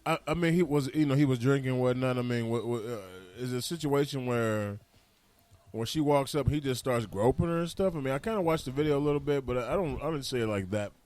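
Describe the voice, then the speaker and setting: A man's voice: mid-range voice, fast, darkish tone, dry recording. A man hosting a talk radio show, speaking loosely in slang and rambling with frequent restarts. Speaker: radio host.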